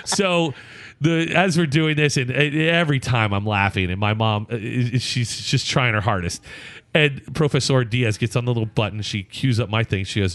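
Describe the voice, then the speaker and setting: A man co-hosting a comedy podcast, spinning an animated personal story and breaking into laughter as he tells it. His voice sits at a middle pitch. It is recorded close and dry. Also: normal speed, dry recording. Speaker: podcast co-host.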